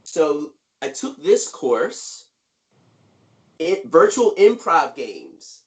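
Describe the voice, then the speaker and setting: Middle-aged male guest, upbeat and emphatic, slightly high voice, on a video call. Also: extremely slow. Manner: energetic, emphatic, keeps asking "right?". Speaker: author and guest speaker. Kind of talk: conversational interview.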